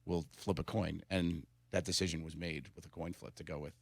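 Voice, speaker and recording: A man's voice: low-pitched, fairly quick, gravelly, breathy edge, no room sound. A middle-aged man, a comedian guest, telling stories in a casual interview and laughing often. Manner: animated storyteller, laughs often.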